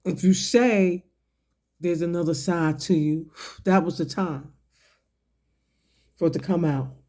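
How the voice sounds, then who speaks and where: Man, ranting commentator, confrontational, profane, drawn-out unhurried delivery, warm tone. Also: fairly high pitch. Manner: slow, deliberate delivery with pointed questions. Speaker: online commentator.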